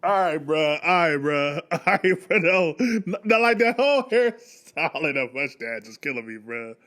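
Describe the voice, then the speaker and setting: A man commenting casually on a stand-up clip with a bright, forward tone, slightly high for a man. He laughs often and breaks in with disbelieving slang. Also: lively intonation, normal speed. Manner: laughing, slangy, incredulous remarks. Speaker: reaction video host.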